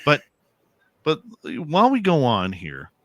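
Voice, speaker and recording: A man's voice: a little high, wildly swooping pitch, slow pace, dry recording. A man hosting a radio interview, talking in an earnest, slightly hesitant way. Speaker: radio show host. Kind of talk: casual interview talk.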